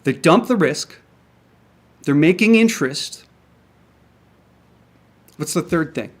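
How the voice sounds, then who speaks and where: Speaking slowly with lively intonation in a fairly high voice, a young adult crypto commentator vents solo to camera about the markets. He curses frequently and keeps stumbling and restarting, all recorded by the camera's microphone.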